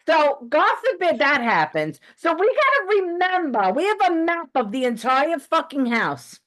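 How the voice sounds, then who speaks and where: A woman holds forth on a casual podcast, her voice sitting high. She rants in a heated, profane way, jumping into animated storytelling. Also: moderate pace, hardly any pauses. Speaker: podcast host. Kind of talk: casual ranting chat.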